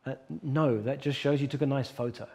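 A man talks as a coach in an interview, earnest and emphatic, driving his points home. His voice is mellow and warm. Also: medium pitch, steady tone, a little fast. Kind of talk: conversational interview.

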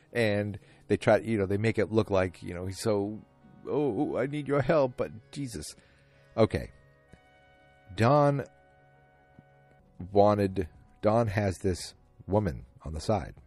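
A man with a deep, husky voice hosts a casual solo podcast. He talks in a loose, rambling way and keeps slipping in quoted lines and filler words. His tone is dark and mellow, with faint music underneath. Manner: rambling, retells scenes with quoted lines, many ums. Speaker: podcast host recapping a TV episode.

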